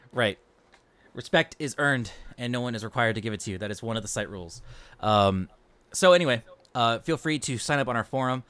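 A man's voice: mid-range voice, lively intonation, moderate pace, pauses often, fairly bright tone, clear, resonant tone, no room sound. A man co-hosting a casual podcast, talking loosely with many fillers. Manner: rambling, loose, with frequent fillers. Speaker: podcast co-host. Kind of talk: casual chat.

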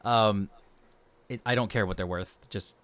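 A man's voice: lowish voice, unhurried, a bit bright, no echo. A man co-hosting a casual podcast, talking loosely with many fillers. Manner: rambling, loose, with frequent fillers. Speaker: podcast co-host. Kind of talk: casual chat.

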